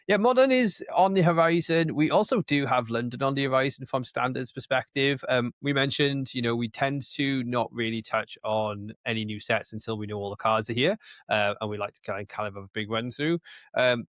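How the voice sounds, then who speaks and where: A man's voice: medium pitch, fairly quick, a bit bright, dry recording. A man co-hosting a casual podcast, rambling, with lots of restarts. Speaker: podcast co-host.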